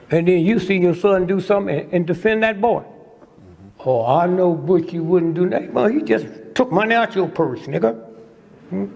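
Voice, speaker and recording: Gravelly old guy in his 80s doing a comedy lecture, keeps going "hmm?", big echoey hall. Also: a little high, a little mellow. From United States. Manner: preacherly, teasing, asks "hmm?" after nearly every point. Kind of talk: comedic lecture to a live audience. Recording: lecture hall with long reverb.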